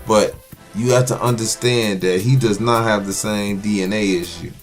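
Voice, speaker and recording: A man's voice: on the low side, fairly even intonation, normal speed, faint music behind. A man talking bluntly and profanely in a casual podcast conversation. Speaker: podcast co-host.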